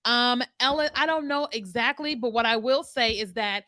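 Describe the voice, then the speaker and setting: A woman's voice: fairly high pitch, normal speed, pushed and bright. A woman marketing strategist talking casually and animatedly to her viewers, with laughs and asides. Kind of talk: casual direct-to-camera talk.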